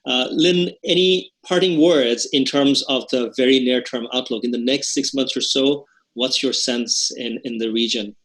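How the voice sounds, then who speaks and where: A man's voice: medium pitch, normal speed, few pauses, fairly bright tone, poor audio. Man, podcast host, conversational, rambling questions, fillers. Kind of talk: podcast interview hosting.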